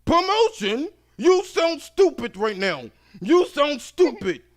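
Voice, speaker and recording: A man voicing an irate male customer who shouts insults at a phone agent. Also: big pitch swings, slow pace, exaggerated voice. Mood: furious. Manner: shouting, high-pitched, accusing.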